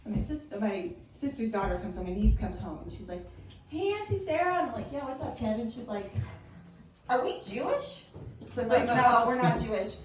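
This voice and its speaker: A woman's voice: medium pitch, fairly quick, darkish tone. A woman doing a stand-up comedy set at an open mic, telling a crude story with lots of swearing. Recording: echoey room, far mic, noisy.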